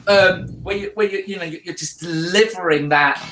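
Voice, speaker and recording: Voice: mid-range voice, normal speed, background noise. Hesitant South London speaker, echoey room. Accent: British, South London. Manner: hesitant, many fillers and restarts while explaining. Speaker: podcast co-host. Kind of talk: casual chat about a book.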